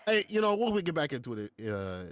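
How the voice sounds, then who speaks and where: A man's voice: on the high side, big pitch swings, fast talker, a crowd in the background. A man doing casual esports play-by-play from a small closet at home, slangy and laid-back, talking to his chat. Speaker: esports commentator.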